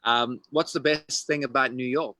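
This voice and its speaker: Bright-voiced man firing off questions. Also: mid-range voice, fairly even intonation, no echo. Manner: brisk, playful questioning. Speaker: interview host. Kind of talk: quick-fire interview questions.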